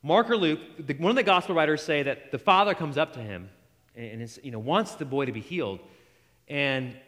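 A man preaching a sermon in an animated way, acting out quoted voices and often restarting his sentences. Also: fairly high pitch, big-room sound.

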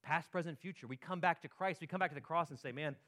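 A pastor with a voice on the high side and a bit bright preaches at a quick pace. His sermon is conversational, full of tag questions checking in with listeners and words he repeats as he goes.

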